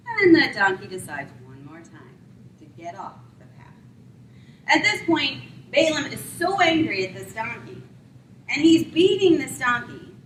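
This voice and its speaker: A woman preaching a sermon, retelling a Bible story and acting out the characters in quick voices. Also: on the high side, very animated, recorded from a distance, a little hiss or hum. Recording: roomy sound from away from the mic.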